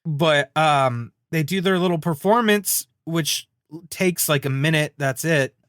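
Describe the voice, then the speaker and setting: A man co-hosting a casual cartoon podcast, talking in an animated way and slipping into quoted voices with frequent laughter. His voice sits fairly high. The sound is dry and close, with no room around it. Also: a little slow, no room sound. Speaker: podcast co-host. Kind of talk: casual chat.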